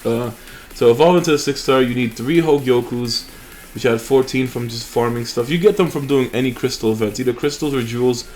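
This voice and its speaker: A man's voice: mid-range voice, fairly quick, hardly any pauses, darkish tone, slight background noise. A young man hosting a mobile game channel, chatting casually and rambling with fillers and restarts over his gameplay.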